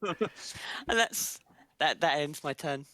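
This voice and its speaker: A player in a tabletop game, talking slowly and musingly and laughing often. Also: medium pitch, animated, bright, forceful tone, dry recording. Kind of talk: casual tabletop play.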